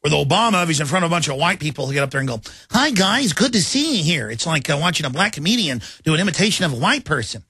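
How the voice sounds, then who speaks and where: Gravelly, fiery talk radio host man. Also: on the high side, animated, rapid-fire, few pauses, sharp tone, no room sound, studio quality. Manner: fiery, sarcastic, mocking impressions. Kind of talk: heated talk radio monologue.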